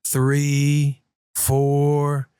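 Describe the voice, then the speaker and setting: A man in his thirties co-hosting a podcast, telling a family story in casual chat and acting out the quotes in higher voices. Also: monotone, very slow, mellow, clean tone, dry recording, clean studio sound. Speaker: podcast co-host.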